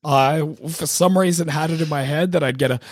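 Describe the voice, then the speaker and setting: Sick aussie guy on a podcast, raspy croaky throat, laughing at himself, dry close sound. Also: fairly high pitch, fairly quick, dry recording. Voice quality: hoarse, gravelly. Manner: self-mocking, laughing often. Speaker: podcast co-host. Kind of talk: casual chat.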